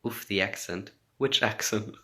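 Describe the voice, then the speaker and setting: Native English-speaking man on a phone livestream, low and forceful, answers fan comments casually and moves between English and German. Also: a little slow. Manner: reads out comments, laughs often, switches between English and German.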